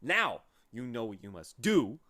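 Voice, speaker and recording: A man voicing a gruff, impatient watchdog with an alarm-clock body who talks in a loud, scolding way. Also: mid-range voice, big pitch swings, a little slow, full character voice. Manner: loud, scolding, barking delivery.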